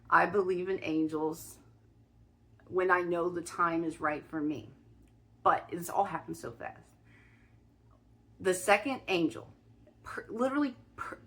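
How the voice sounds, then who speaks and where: A woman's voice: lowish voice, a bit bright. A young woman vlogger telling a personal spiritual story in a casual, emphatic way, full of restarts and fillers.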